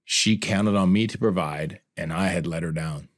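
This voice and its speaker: A man's voice: deep voice, normal speed, no echo, clean studio sound. A man hosting a podcast, narrating a personal story in an earnest, reflective and heartfelt way. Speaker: podcast host.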